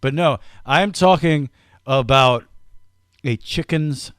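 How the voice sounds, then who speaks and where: A man's voice: a little high, slow pace, fairly bright tone, smooth, dry recording, clean studio sound. A man hosting a casual comedy podcast, teasing his co-host and stringing out a story to build up the punchline.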